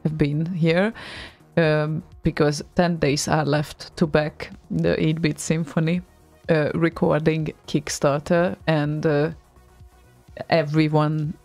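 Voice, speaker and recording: A woman co-hosting an online radio show chats in an unhurried, hesitant way, often breaking into laughter. Her voice has a gravelly fry, with faint music playing under the talk. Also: low-pitched, little pitch movement, darkish tone. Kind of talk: casual radio chat.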